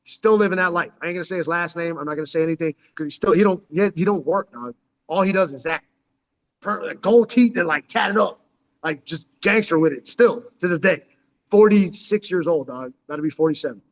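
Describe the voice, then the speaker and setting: High-voiced man telling street stories. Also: brisk. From San Diego. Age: 40s. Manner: street slang, keeps saying "dog", animated retelling with acted-out quotes. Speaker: storyteller. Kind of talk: casual storytelling chat.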